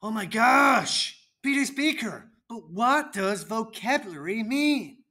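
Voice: mid-range voice, lively intonation, sharp tone. A performer doing a laid-back dude. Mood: curious. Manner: casual slang, drawn-out questions. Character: laid-back, curious surfer-dude student. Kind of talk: children's educational roleplay.

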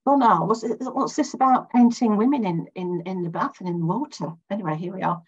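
A woman's voice: mid-range voice, fairly quick, husky, dull audio. A middle-aged woman, an academic giving an anecdotal slide talk, chatty and full of restarts. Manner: chatty storyteller, frequent restarts, acts out quoted voices.

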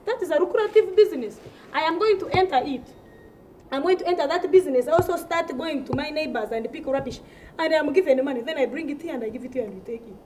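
Ugandan English-accented woman comic, high voice, indignant rant, repeats herself. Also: quick pace, a little mellow, a little hiss or hum. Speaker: comedian. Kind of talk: comedy sketch.

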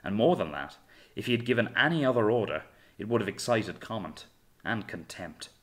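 Man, audiobook narrator, lowish voice, measured dramatic reading. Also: animated. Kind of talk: scripted narration.

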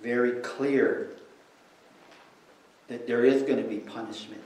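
A man preaching a sermon, teaching slowly and with emphasis while switching between English and another language. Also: mid-range voice, fairly even intonation, a little mellow. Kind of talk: bilingual sermon with interpretation. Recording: roomy and distant from the mic.

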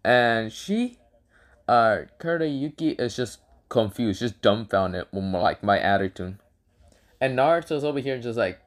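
A man's voice: mid-range voice, lively intonation, a little slow. A man casually telling a self-made adventure story, rambling with lots of fillers and stopping to correct himself. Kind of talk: casual fan-fiction storytelling.

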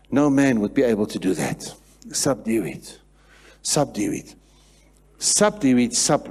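A man preaching a sermon in church, swinging between hushed passages and loud, repetitive declarations. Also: mid-range voice. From South Africa. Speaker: pastor.

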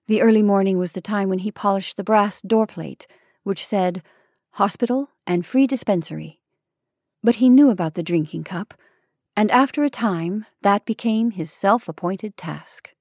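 A woman reading a short story aloud in a measured, soft-spoken way. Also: mid-range voice, dry recording, clean studio sound. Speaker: narrator.

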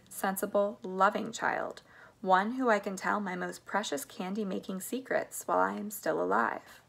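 A woman reading the part of an eccentric old man who owns a candy factory, talking in a brisk, grand way. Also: medium pitch, vocal fry, a bit bright.

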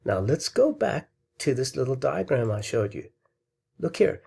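A man's voice: mid-range voice, sing-song, unhurried, gravelly, warm tone, slightly rough. Angry ranting male math host. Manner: angry, insulting, worked up. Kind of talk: ranting math video lecture.

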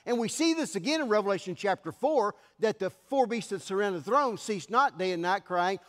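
A man pastor preaching an emphatic sermon in a church sanctuary, his voice swelling to loud declarations. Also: high voice, lively intonation, fairly quick, few pauses, long reverb tail.

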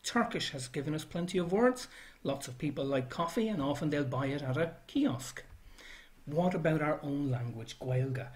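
A man's voice: fairly high pitch, animated, normal speed. A man giving an educational library talk, listing words one by one with brief asides.

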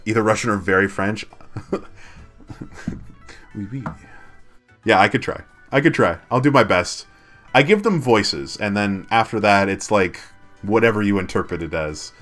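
A man's voice: fairly low pitch, fairly bright tone. A man chatting casually on a game live stream, laughing and self-deprecating, with lots of fillers.

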